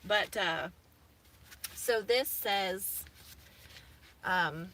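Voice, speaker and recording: A woman's voice: mid-range voice, extremely slow, pushed and bright, a little hiss or hum. A woman in her thirties, rambling casually with many fillers as a vlogger from inside her camper van. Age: 30s. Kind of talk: casual chat.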